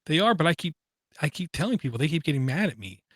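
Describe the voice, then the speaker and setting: A man's voice: on the high side, very animated, fast, fairly bright tone, slightly rough, dry recording. A man co-hosting a podcast in casual chat, rambling and opinionated, often restarting his sentences. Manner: rambling, self-interrupting, opinionated. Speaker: podcast co-host.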